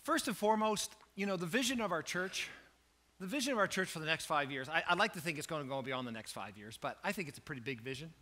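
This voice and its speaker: A male pastor preaches with a high, sharp, tense voice. He tells stories in an animated way and jokes at his own expense as he makes his point. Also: fast. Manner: storytelling, animated, self-joking. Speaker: lead pastor. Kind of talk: sermon.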